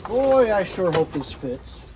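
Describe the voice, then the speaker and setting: High-pitched guy vlogging, chatty and rambly, cars and street noise all around. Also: sing-song, slow pace. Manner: chatty, laughs easily, rambling. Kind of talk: casual chat.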